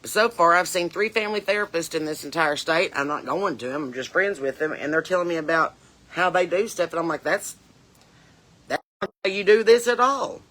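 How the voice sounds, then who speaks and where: A woman's voice: lowish voice, brisk, a bit bright. Woman playing blunt porch-smoking mom. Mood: tearful. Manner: folksy, earnest, rambling with lists. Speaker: comedian in character. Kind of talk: comedic character monologue.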